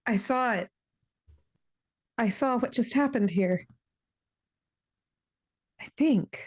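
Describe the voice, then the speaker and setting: A woman's voice: on the high side, measured pace. A woman playing a tabletop role-playing game, chatty and thinking aloud as she adds up her dice. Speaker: player. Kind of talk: casual tabletop play.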